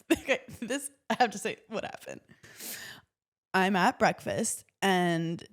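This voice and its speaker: A woman's voice: medium pitch, slow pace. A woman, co-hosting a podcast and telling funny stories in a casual chat, often laughing. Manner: animated storytelling with frequent laughter. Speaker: podcast co-host.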